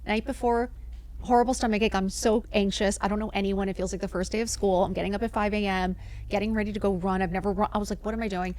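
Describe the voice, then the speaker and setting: A woman chatting as a podcast guest, spinning a lively story at a middling pitch. She acts out the lines of the people in her story with plenty of swearing, in an easy, casual way. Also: fast. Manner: animated, acts out quoted dialogue, swears freely.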